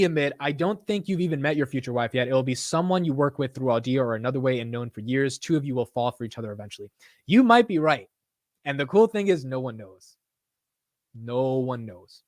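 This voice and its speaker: Young man, livestream host, slangy laid-back banter, mid pitch, dry close sound. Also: no echo. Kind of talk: casual livestream chat.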